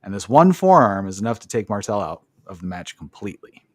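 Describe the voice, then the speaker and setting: A man's voice: lowish voice, sing-song, fairly quick, dry recording, studio quality. A man hosting a podcast, recapping a wrestling match in casual chat and swearing freely. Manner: swears freely, blunt opinions. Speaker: podcast host.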